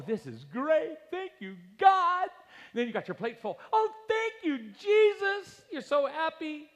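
In a church sanctuary, a male pastor with a high, animated voice delivers a sermon, acting out quoted voices. A long hall reverb hangs on the recording.

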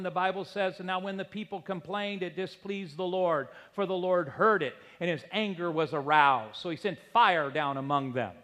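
A middle-aged man preaching a sermon in a church, lively and animated, acting out quoted voices as he goes. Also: high voice. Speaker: pastor. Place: church sanctuary. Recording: long hall reverb.

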